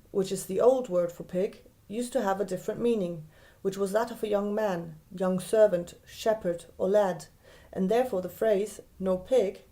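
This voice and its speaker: German woman, mellow and deliberate. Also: mid-range voice. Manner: clear, careful, slows down to spell out German words. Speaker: podcast host. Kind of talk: scripted explanatory monologue.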